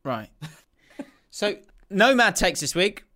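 A man's voice: sits high, big pitch swings, takes it slowly, sharp tone. Chatty, laughing young man hosting a podcast. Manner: laughing often, rambling, reading out fixtures. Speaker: podcast co-host. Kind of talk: casual football chat.

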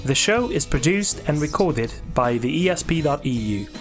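A man's voice: a little high, very animated, moderate pace, soft background music. A man hosting a podcast, reading a scripted outro and then joking with his co-host about his own slips. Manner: reads the outro smoothly, stumbles and laughs at his own slips.

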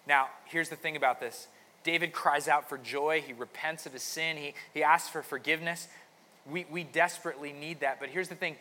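Male pastor, conversational sermon, slightly high bright voice, reverberant hall. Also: steady tone, brisk. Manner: conversational storytelling, frequent restarts.

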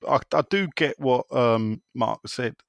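A man hosts a casual football chat, reading listener messages aloud and breaking off with wry, teasing asides. His voice sits at an ordinary middle pitch. The recording is dry and close, with no room sound. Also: animated, unhurried, vocal fry, dry recording. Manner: wry, teasing, often self-interrupting. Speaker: football phone-in host.

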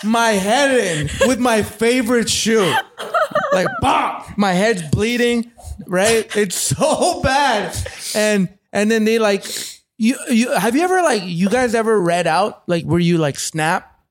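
A Canadian man tells a rowdy story in a high, lively voice, swearing freely and slipping into other people's voices. The sound is close and dry, with no room around him. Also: slow pace, no echo. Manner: profane, animated, acts out other people's voices. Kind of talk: casual storytelling.

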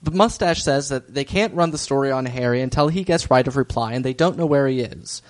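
A man co-hosting a podcast, summarizing a TV episode in relaxed, dry chat. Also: medium pitch, brisk. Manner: easygoing, dry, laughs along. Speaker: podcast co-host recapping a TV episode. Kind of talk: casual chat.

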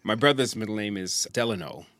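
A man's voice: on the low side, animated, fairly quick, a bit bright, no room sound, clean studio sound. A middle-aged man, a judge born in England, telling rambling stories in casual talk with many restarts and fillers. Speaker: judge, podcast guest. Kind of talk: casual conversational storytelling.

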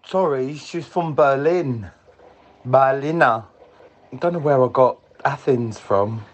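A man's voice: mid-range voice, animated, a little slow, highs cut off, a little hiss or hum. A man leaving a rambling, jokey voice message to a podcast, swearing freely. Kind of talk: casual voice message.

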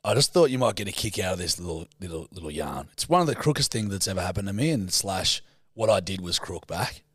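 A man's voice: low voice, sing-song, quick pace, husky, no echo, studio quality. A man co-hosting a podcast, telling a yarn in casual, swearing banter. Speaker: podcast co-host. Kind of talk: casual chat.

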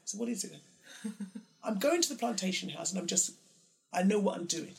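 Brief: woman guest, gravelly, animated, mimics others in quotes. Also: a little fast. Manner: animated, acts out quotes in high mocking voices. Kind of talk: candid conversation.

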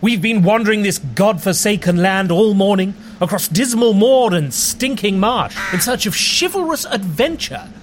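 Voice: medium pitch, expressive, normal speed, hardly any pauses, slight background noise, lightly acted. An actor playing a boastful, lovestruck male knight in a comedy audio drama, speaking in grand, flowery, old-fashioned language. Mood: rousing. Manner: grandiose archaic speech, flowery and theatrical.

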